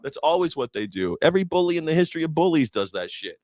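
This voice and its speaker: Man, reaction-show host, mocking and profane, lively, dry close mic. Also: a little high, fast, dry recording. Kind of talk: casual political reaction commentary.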